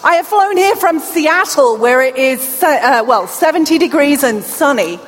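A middle-aged woman with a British accent and a deaf accent speaks in a high, bright register, upbeat and playful as she works the crowd. Her voice rings out through a large hall and trails off in a long reverb. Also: animated, moderate pace, slight background noise. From England. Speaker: keynote speaker. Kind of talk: conference keynote.

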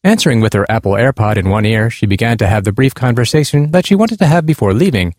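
A man's voice: medium pitch, lively intonation, fast talker, a little mellow, dry recording, studio quality. Earnest man reading a true account. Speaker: narrator. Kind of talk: reading a nonfiction account aloud.

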